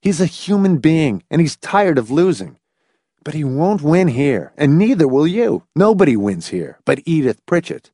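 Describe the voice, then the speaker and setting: A man's voice: a little high, sing-song, moderate pace, dark tone, no room sound, clean studio sound, pitched above the performer's own voice. A man voicing a blunt, sardonic grown man who lectures in a wry, cutting way.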